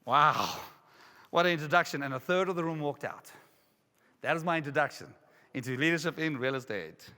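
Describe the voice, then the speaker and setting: A man's voice: on the high side, fairly quick, sharp tone. Emphatic man in a hall. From South Africa. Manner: emphatic, with repeated rhetorical questions. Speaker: keynote speaker. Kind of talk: motivational conference speech. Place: large casino conference hall. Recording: reverberant hall.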